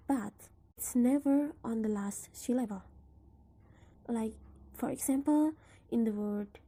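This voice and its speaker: Slow, breathy young Indonesian woman. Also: a little high, mellow. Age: young adult. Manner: slow, careful explaining with examples; often drops into breathy near-whisper. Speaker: student presenter. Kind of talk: class presentation on word stress.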